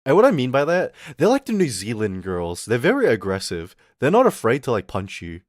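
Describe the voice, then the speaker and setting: A man's voice: mid-range voice, wildly swooping pitch, brisk, no room sound, clean studio sound. A young man rambling casually on a livestream, swearing and laughing often as he chats. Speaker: streamer.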